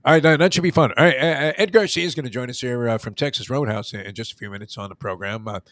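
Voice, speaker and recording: A man's voice: medium pitch, rapid-fire, fairly bright tone, no room sound. A man hosting a casual radio talk show, telling rambling, joking stories.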